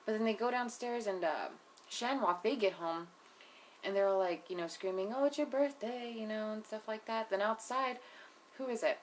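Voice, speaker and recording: A woman's voice: medium pitch, normal speed, a little hiss or hum. A young woman giving a casual, opinionated recap of a reality show episode, profane and full of "like" and "you know". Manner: blunt, opinionated asides. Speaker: TV episode reviewer.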